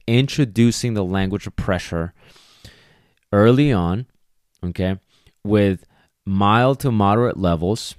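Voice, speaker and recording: A man with a deep, low voice hosts a casual solo podcast as a dog trainer. He talks emphatically and conversationally, often checking in with "okay" and "right". The recording is dry and close to the mic. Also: darkish tone, dry recording. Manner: acts out quoted voices of people and dogs.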